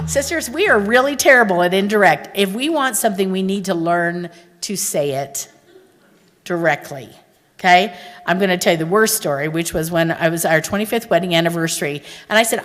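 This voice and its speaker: Speaking fairly quickly, a middle-aged woman with a lowish, somewhat bright voice entertains a conference audience. She mixes jokes and stories and talks directly to the crowd. The big hall adds long reverb.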